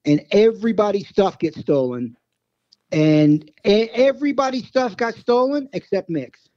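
A man in a casual chat recounts road stories in a rambling way, full of restarts. His voice sits a little high but sounds dark and mellow. The sound is dull and lo-fi, with a dry, close feel. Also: lively intonation, a little slow, no room sound. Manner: rambling anecdotes with many restarts. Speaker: guest, former band road manager. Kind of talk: casual storytelling in conversation.

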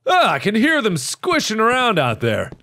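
A young man giving commentary on a horror game, drifting between low mutters and sudden yells. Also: wildly swooping pitch, normal speed, a little hiss or hum. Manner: jumpy, swings from mutters to yells. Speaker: gaming video host.

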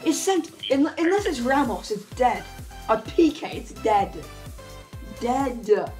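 A woman giving casual, excitable commentary as she opens card packs, calling out reveals and laughing often. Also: high-pitched, measured pace. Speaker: gaming YouTuber. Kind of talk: casual pack-opening commentary. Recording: faint background music.

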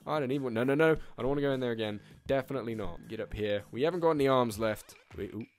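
A young man giving excitable, profane let's-play commentary and laughing often. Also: mid-range voice, racing. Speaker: gaming channel host.

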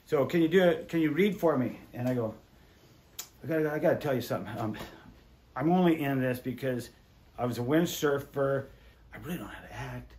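A middle-aged man and former windsurfer telling stories casually in an interview, animated and acting out quoted voices. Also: mid-range voice, fairly quick. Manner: animated, swearing, acts out quotes.

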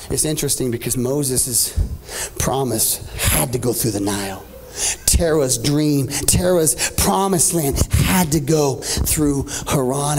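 A man's voice: fairly high pitch, darkish tone. A man in his thirties preaching a sermon as pastor, swinging from joking asides to rising, half-sung climaxes. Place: church stage.

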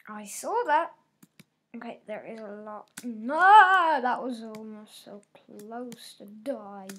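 A woman gamer gives excitable live play-by-play, reacting aloud with frequent exclamations, loud outbursts, and quiet mutters. Her voice is high and her delivery unhurried.

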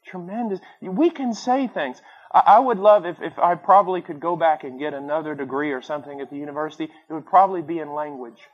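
A man preaching a sermon, telling stories with acted-out voices and swinging between loud bursts and quiet asides. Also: fairly high pitch, fast, breathy edge. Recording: dull lo-fi sermon recording.

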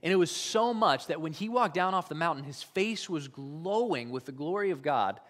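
A man preaching to his congregation in a fairly high voice. He swings from near-whispers to loud, emphatic peaks. His delivery stays conversational, with frequent "right?" check-ins. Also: lively intonation, moderate pace, in a large hall. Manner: conversational, uses "right?" often. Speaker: pastor. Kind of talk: sermon.

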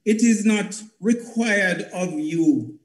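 A man's voice: sits high, takes it slowly. An older Jamaican man and theatre producer explaining his points earnestly in a panel discussion, often repeating himself for emphasis. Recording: roomy echo.

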